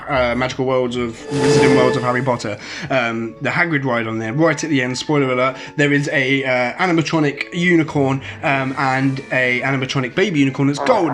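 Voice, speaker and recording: A man giving casual, rambling commentary on a mobile game, with lots of ums and sudden excited outbursts. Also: mid-range voice, heavy background noise.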